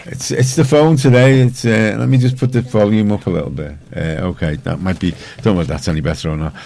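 Older Scouse male host, rambling and friendly, fillers, lowish voice. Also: warm tone, poor audio. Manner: chatty, halting, many fillers. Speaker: radio host. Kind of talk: casual studio interview. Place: radio studio.

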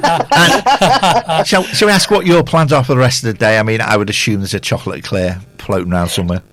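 Male radio co-host, playful and teasing, very animated delivery. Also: medium pitch, a little fast. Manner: teasing, jokey, lively. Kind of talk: casual radio banter.

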